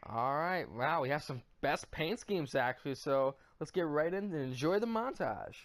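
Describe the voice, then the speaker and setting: A man's voice: fairly high pitch, lively intonation, moderate pace. A man hosting a casual sports podcast, joking and bantering animatedly. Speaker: host.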